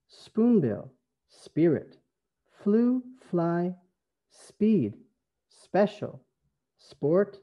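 A man from Canada with a Canadian accent, an English teacher reading a phonics lesson slowly in a sing-song way. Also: high-pitched, very animated, lo-fi sound. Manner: slow, sing-song, stretched words.

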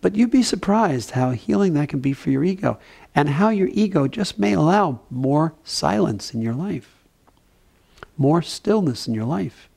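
A man giving a gentle, conversational mindfulness talk with playful asides. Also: a little high, expressive, a little slow, creaky, husky. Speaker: spiritual teacher.

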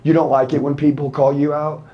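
In dull audio, a man in his thirties speaks a little fast at a fairly high pitch with little pitch movement. As a sales trainer, he delivers a fired-up seminar talk to a full room, blunt, profane, and confrontational.

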